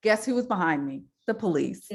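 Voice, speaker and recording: A woman with a Southern US accent hosts an interview. She chats freely and tells stories, and her pitch moves around a lot. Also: brisk. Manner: chatty, animated storyteller, frequent restarts. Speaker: interview host. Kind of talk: interview conversation.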